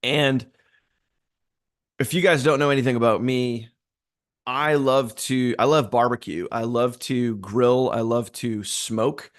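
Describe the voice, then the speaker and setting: Man, live-stream host, upbeat and chatty, rambles, mid-pitched voice. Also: fairly even intonation, slow. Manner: upbeat, rambling, greets viewers by name. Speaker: livestream host. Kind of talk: casual live-stream chat.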